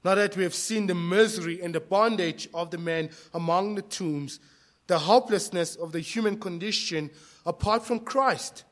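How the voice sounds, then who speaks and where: A male pastor preaching a sermon, impassioned, swinging between hushed lines and loud cries. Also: on the high side.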